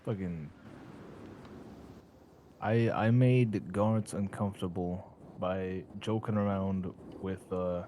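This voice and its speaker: A man talking in character during a role-play game, casual and profane, with halting restarts. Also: low voice, fairly even intonation, dark tone, a little hiss or hum.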